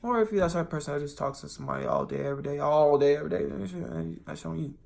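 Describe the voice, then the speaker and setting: A man talks to his viewers in a loose, rambling monologue. He swears freely, restarts his sentences again and again, and swings between quiet asides and sudden loud bursts. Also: a little high, racing, vocal fry. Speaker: vlogger.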